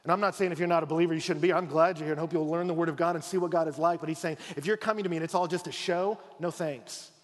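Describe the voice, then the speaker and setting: A male pastor preaching a sermon, telling stories with acted-out voices and dropping low and quiet for emphasis. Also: very fast, few pauses, long reverb tail. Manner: animated storytelling, acting out voices, dropping low and soft for emphasis.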